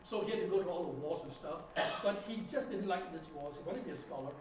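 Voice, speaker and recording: A man giving a church lecture with slides, telling stories and anecdotes in an animated way. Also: sits high, fast. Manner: anecdotal, animated storytelling with asides. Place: church hall. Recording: echoey hall, distant mic, faint noise.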